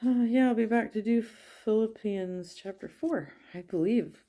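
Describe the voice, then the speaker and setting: A woman reading scripture aloud at a steady pace, with small slips and self-corrections. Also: a little high, normal speed, slight background noise. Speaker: Bible reader.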